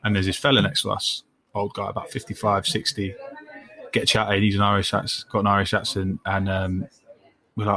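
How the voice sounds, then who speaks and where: Male podcast host, lowish voice, casual, chatty anecdote-teller. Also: completely flat delivery, a little fast, gravelly, bright, forceful tone. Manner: chatty, tells anecdotes with quoted dialogue. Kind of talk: casual chat.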